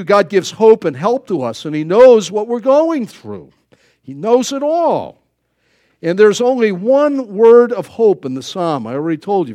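An older male pastor preaching a sermon in a fairly high voice that rises and falls a lot. He talks in a folksy, conversational way, with joking asides and questions thrown out to the congregation. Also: a little mellow.

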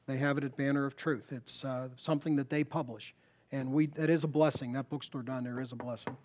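A middle-aged man preaching a sermon in a church, emphatic, repeating words and rising to loud punchlines. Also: medium pitch, fairly even intonation, brisk.

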